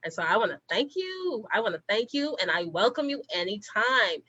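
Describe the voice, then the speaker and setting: A woman from the Caribbean hosting an online interview, slightly hoarse from a cold, speaking emphatically and repeating her thanks. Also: medium pitch, big pitch swings, moderate pace, dull audio. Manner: warm, repetitive thanking, emphatic. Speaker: host.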